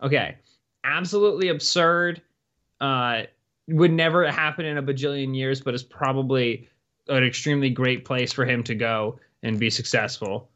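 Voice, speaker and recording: A man's voice: mid-range voice, normal speed, a bit bright. A man co-hosting a casual podcast, talking loosely with lots of fillers. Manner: loose, rambling, heavy on fillers. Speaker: podcast co-host. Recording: slightly muffled, lo-fi.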